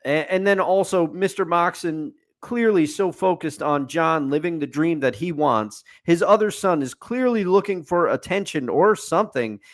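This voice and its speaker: A man's voice: fairly high pitch, normal speed, few pauses. A man co-hosting a podcast, giving an opinionated, rambling movie review in casual chat with fillers and restarts. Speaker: podcast co-host. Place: studio.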